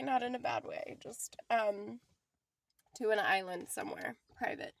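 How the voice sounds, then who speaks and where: Casting note: young woman, gravelly edge, dry close sound, loose emotional reading style. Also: medium pitch, normal speed, fairly bright tone, no room sound. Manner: rambling, emotional, laughs often. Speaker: tarot reader. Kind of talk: casual spiritual reading to viewers.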